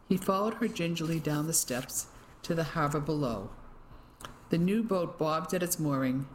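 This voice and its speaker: Audiobook narrator, even measured reading, mid pitch, faint noise. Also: poor audio. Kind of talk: scripted narration.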